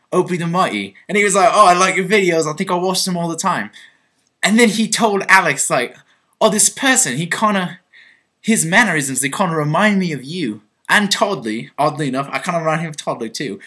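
A young man delivers a tongue-in-cheek confession to his webcam audience. His voice sits a little high and rings bright and forward. He rambles in a mock-earnest way and keeps restarting his sentences. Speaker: vlogger on a group channel. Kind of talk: comic mock-confession vlog.

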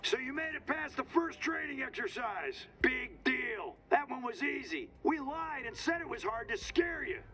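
Sneering alien drill instructor. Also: male voice, very high voice, expressive, normal speed, hardly any pauses. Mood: mocking. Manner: taunting, barking. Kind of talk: video game dialogue. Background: game music.

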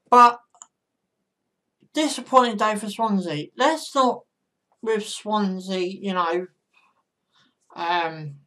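A woman's voice: mid-range voice, a bit bright. A woman vlogger giving casual football predictions in a chatty monologue, talking straight to her viewers.

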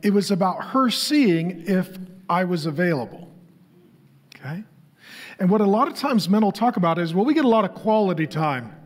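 A middle-aged man, a pastor, preaching a conversational sermon that keeps throwing rhetorical questions at the crowd. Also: high voice.

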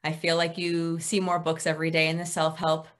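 A woman's voice: sits low, monotone, brisk. A woman hosting a video call interview, asking long, reflective questions in a friendly way. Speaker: host, interviewer.

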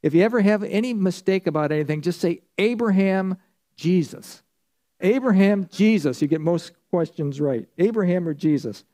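A man leads a church Bible study with a mellow, warm tone set a little high for a man. He talks conversationally, puts questions to the class and then answers them himself. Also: fairly quick, few pauses. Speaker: pastor.

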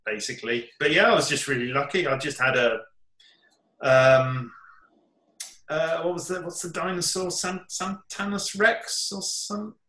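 English guy in his 50s chatting, bright forceful voice, lots of ums, echoey room. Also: fairly high pitch, normal speed. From England. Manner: rambling, full of ums and restarts. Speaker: comic artist guest. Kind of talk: casual chat. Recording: roomy echo.

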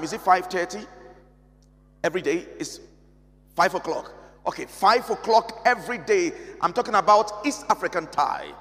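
A male pastor preaching a sermon in a large church, measured and emphatic, repeating key phrases. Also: sits high, a bit bright. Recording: long reverb of a church hall.

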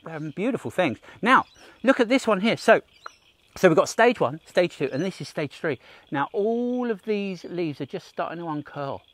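A man's voice: high-pitched, expressive, moderate pace. A man leading a livestreamed nature walk for children outdoors, enthusiastic, talking straight to the viewer and gasping at what he finds. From Australia. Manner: enthusiastic, talks to the viewer, jokes and gasps at finds.

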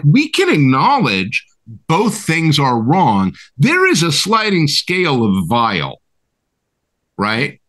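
Guy ranting on a podcast, fired up, swears, keeps saying right?, lively up and down voice. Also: on the high side, slow. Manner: heated, emphatic, profane, repeats "right?". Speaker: co-host. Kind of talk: impassioned podcast rant.

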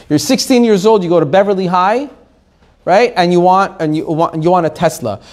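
A man, a rabbi, teaching a Torah class to a live audience, animated, asking the room questions and laughing often. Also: sits high, moderate pace.

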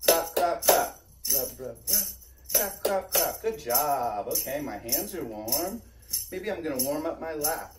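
A man's voice: a little high, sing-song, measured pace. A young man teaching a virtual preschool music class, leading children in an upbeat, sing-song way. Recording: echoey room, mic at a distance, music.

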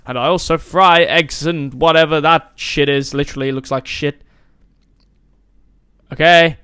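Young guy doing let's-play commentary, high bright voice, sarcastic, swears a lot, dry close sound. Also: steady tone, a little slow, pauses often, smooth, no echo. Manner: sarcastic, swears freely, rambling jokes. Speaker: gaming channel host.

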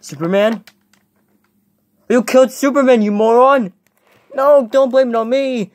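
A creator voicing a homemade toy comedy skit, excitable and prone to blurting and shouting. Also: medium pitch, measured pace, no echo, studio quality.

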